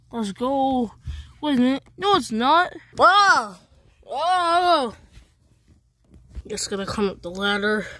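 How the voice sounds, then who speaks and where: A woman talks through an obstacle-course game in casual commentary, reacting aloud to each jump and surprise. Her voice sits a little high and her pace is slow and unhurried. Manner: excitable, reacting out loud to the game. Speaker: gaming video creator.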